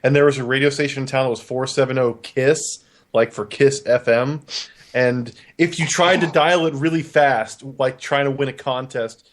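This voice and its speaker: A man co-hosting a podcast, telling a casual story with lively energy. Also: mid-range voice. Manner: animated storyteller acting out voices. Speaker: podcast co-host.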